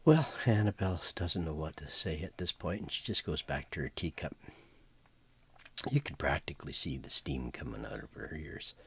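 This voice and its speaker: A middle-aged man telling a joke in a relaxed, folksy, homespun style. His voice is very low and deeply husky, rough around the edges. He often sinks into a near-whisper as he tells it. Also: moderate pace, no room sound. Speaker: comedy show host.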